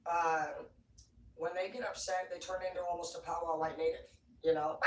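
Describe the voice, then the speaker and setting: Rambling profane livestreamer, excitable rant, roomy echo, heard from a distance off the mic. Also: medium pitch, fairly quick, slight background noise.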